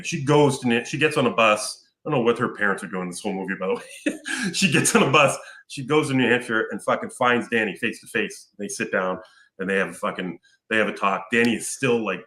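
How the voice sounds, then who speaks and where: A man's voice: medium pitch, lively intonation, a little fast, sharp tone. A man hosting a podcast, casually recapping a film plot in a rambling, profane way, full of fillers. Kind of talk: casual chat. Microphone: picked up from afar by another mic. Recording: roomy, off-mic sound from an unplugged mic.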